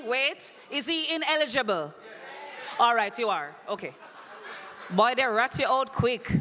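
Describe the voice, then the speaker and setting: A woman hosting a quiz at a conference, teasing the crowd in a playful, animated way. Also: high-pitched. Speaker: conference emcee running a quiz. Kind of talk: lively live event hosting. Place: large conference hall. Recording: long echoey hall reverb.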